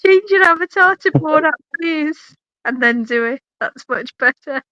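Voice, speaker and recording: A woman's voice: high voice, lively intonation, moderate pace, bright, forceful tone, no echo. A woman hosting a livestream, teasing her guest and giggling in casual banter. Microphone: video call. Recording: dull lo-fi video call.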